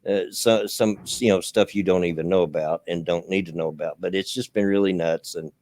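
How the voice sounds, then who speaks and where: Older guy talking to his chat, kinda low voice, lots of uhs, no room sound. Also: no echo. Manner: relaxed, halting, with many fillers. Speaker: streamer and co-host. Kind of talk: casual chat to a live audience.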